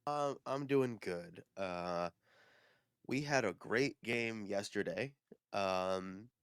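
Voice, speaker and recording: A man co-hosting a podcast, sniffly, telling stories in a rambling, animated way full of fillers and restarts. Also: on the low side, slow, clear, resonant tone, dry recording, clean studio sound. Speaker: podcast co-host. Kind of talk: casual chat.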